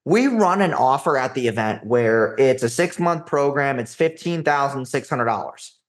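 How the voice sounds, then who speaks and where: A man's voice: medium pitch, lively intonation, normal speed. Brash, profane young guy telling stories. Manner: brash, profane, says "dude" and "like" often. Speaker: podcast guest, agency founder. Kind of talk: casual storytelling interview.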